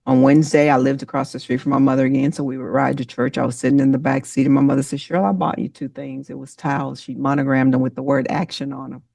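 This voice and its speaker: Woman preaching a motivational talk, gravelly voice, heart on her sleeve, sounds a bit off-mic and dry. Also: a bass voice, monotone, quick pace, few pauses, warm tone, no echo, far from the mic. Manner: emotional, preacher-like, calls on listeners by name. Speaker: motivational speaker.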